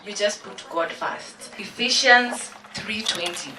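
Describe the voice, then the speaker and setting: A woman's voice: mid-range voice, slow, recorded from a distance, very noisy. Woman preaching in an echoey hall. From Kenya. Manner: preachy, quoting scripture. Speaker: guest speaker. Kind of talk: faith-based encouragement speech.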